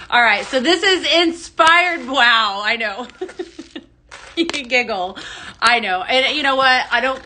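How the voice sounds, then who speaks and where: A woman's voice: mid-range voice, bright, forceful tone, a little hiss or hum. A woman with a Texan accent hosting a casual live stream, chatty and bubbly, greeting viewers by name and laughing often. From Texas. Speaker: live-stream host mixing fragrances. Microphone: phone.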